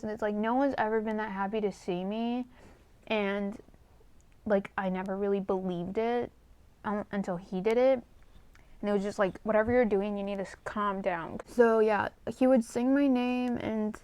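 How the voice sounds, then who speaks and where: A woman's voice: fairly high pitch, darkish tone. A woman vlogger telling a personal story in casual storytime style, candid and rambling, with lots of fillers, swearing and an emotional, confessional tone.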